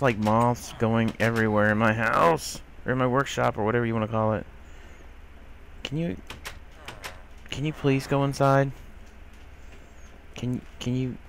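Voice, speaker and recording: Gamer, man, lowish voice, exasperated running commentary, faint hiss behind. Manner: exasperated, grumbling, talks to game characters, mild swearing. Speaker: gameplay commentator. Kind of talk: casual let's-play commentary.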